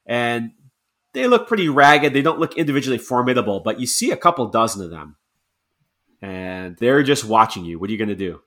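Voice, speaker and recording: Male GM narrating a tabletop game, expressive, relaxed. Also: mid-range voice, a little fast. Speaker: game master.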